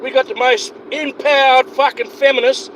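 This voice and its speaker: A man delivers a heated, profane livestream rant, circling back over his points again and again. His voice sits high for a man. Faint hiss runs under him. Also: steady tone, moderate pace, fairly bright tone. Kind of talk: ranting livestream monologue.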